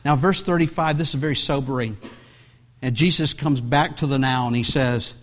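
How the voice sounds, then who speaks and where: A man's voice: medium pitch, moderate pace. A man preaching a sermon as pastor, reading scripture aloud and breaking into conversational asides, with many restarts.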